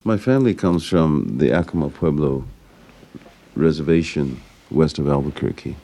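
A man recalling his childhood in a relaxed interview. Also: very deep voice, normal speed. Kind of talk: reminiscing interview.

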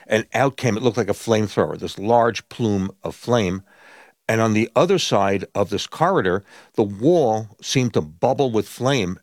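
A man recounting events in an interview in a vivid, deliberate storytelling way. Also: fairly low pitch, dry recording, clean studio sound. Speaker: interview guest.

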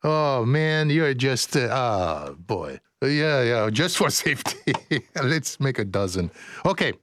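A man's voice: mid-range voice, very animated, slow pace, a bit bright, a little hiss or hum. An older man hosting a radio show, bantering playfully through studio outtakes, joking, laughing and breaking into silly song.

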